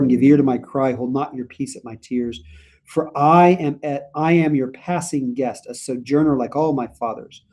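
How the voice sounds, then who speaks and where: In a church meeting room, a man leads a Bible study, reading scripture aloud and then earnestly paraphrasing it in his own words. His voice is mid-range and warm.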